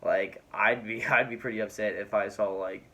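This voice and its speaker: A man's voice: on the low side, fairly even intonation, moderate pace, bright, forceful tone. A young man telling a personal story in casual vlog style, rambling with many fillers and laughing often. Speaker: vlogger.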